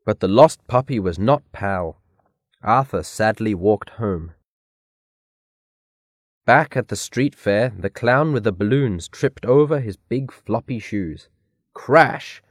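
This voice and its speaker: Slow, careful storybook reader, a man. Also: fairly low pitch, animated, dry recording, clean studio sound. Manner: slow, careful read-aloud delivery. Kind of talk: scripted narration of a children's story.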